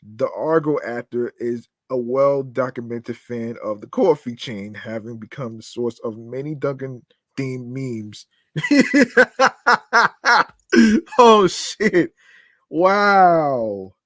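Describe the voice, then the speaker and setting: A male podcast host reads news items at an unhurried, drawn-out pace, breaking off to laugh and curse in a loose, casual way. He often stumbles and repeats words mid-sentence. The voice sits close and dry, with no room sound around it. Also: medium pitch, dark tone, no room sound. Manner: casual, swears freely, laughs at his own material. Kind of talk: reading news stories aloud with offhand commentary.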